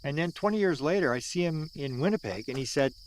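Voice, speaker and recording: Speaking fast and expressively in a voice on the high side, an older Canadian UFO researcher in his sixties recounts a sighting outdoors at the site, with slight background noise. His animated storytelling leans on repeated words for emphasis and acted-out dialogue.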